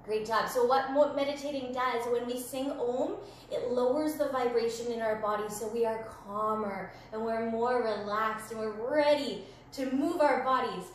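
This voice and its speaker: High-voiced woman guiding kids' yoga. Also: steady tone, normal speed. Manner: gentle, playful step-by-step instructions. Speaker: family yoga instructor. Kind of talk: guided children's yoga class. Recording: very echoey room, faint background noise.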